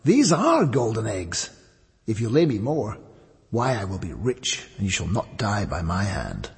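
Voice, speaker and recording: Man voicing a greedy farmer, slow and emphatic, husky tone, long hall reverb. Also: fairly low pitch, wildly swooping pitch, exaggerated voice. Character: greedy middle-aged male farmer.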